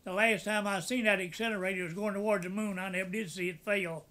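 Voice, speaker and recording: A man's voice: high voice, fairly even intonation, fast, sharp tone. An older man, a war veteran, telling wartime stories in a folksy way and acting out the voices of the people in them. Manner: folksy, acts out quoted voices, laughs at own jokes. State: tearful at times. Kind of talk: oral history storytelling.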